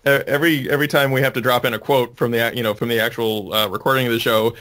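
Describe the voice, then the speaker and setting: A man hosting a podcast interview, asking relaxed questions and laughing along with his guest. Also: mid-range voice, fast talker.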